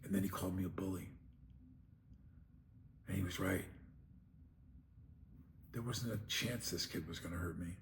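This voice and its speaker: A man's voice: low voice, normal speed, gravelly, long pauses. A man, hosting his show and telling a rambling personal story in a conversational way. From New York, Long Island. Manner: rambling, conversational, frequent "you know". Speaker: host. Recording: echoey room with faint noise.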